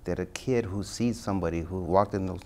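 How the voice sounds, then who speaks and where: A man with a deep, warm voice speaks a little quickly as a guest author in an interview. He tells stories with animation and acts out the dialogue he quotes.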